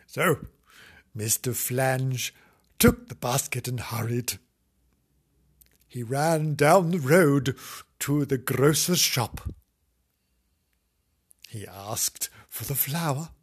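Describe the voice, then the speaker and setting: Casting: man, husky and unhurried, playing a teasing storytime teacher. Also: medium pitch. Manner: chuckling, slow and teasing. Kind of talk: comic mock children's storytime.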